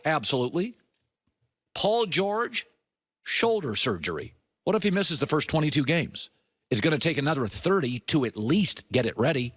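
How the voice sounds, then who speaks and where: Animated male sports talk host. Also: dry recording, studio quality. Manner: emphatic, swings between high punchy lines and low confiding tones. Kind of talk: opinionated sports commentary monologue.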